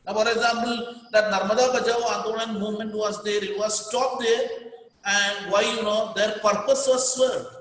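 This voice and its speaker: A man's voice: sits high, steady tone, moderate pace, a bit bright, a little hiss or hum. Man, Indian English accent, classroom lecture, repetitive dictation, very roomy echo. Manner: repetitive, emphatic, dictating to students. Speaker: teacher. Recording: very echoey hall, reverberant.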